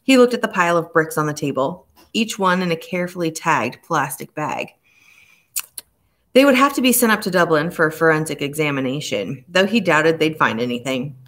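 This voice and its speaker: A woman narrating a novel aloud in a steady storytelling manner. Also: deep voice, fairly quick. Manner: steady storytelling with voices for each character. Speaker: audiobook narrator. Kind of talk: scripted narration.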